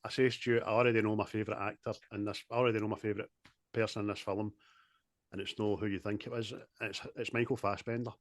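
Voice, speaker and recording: A man in casual, sweary film chat, animated and quick to laugh, talking over a video call. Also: fairly low pitch, no room sound, clean studio sound. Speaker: podcast co-host.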